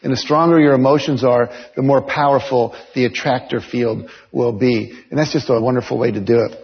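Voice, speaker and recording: A man giving a motivational seminar talk to an audience, coaching listeners directly and telling stories with lively energy. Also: mid-range voice, fairly quick, slightly rough. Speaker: motivational speaker. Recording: dull lo-fi sound with long hall reverb.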